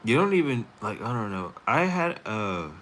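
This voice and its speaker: A man hosting a spiritual talk stream, rambling casually with many fillers and pauses. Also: mid-range voice, big pitch swings, fairly bright tone, slight background noise. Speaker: tarot stream host.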